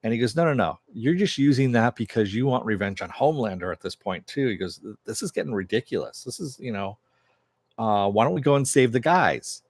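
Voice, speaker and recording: A man's voice: mid-range voice, animated, a little fast, no echo. A man casually recapping a TV episode, retelling scenes loosely with lots of fillers and quoted lines. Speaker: TV show reviewer.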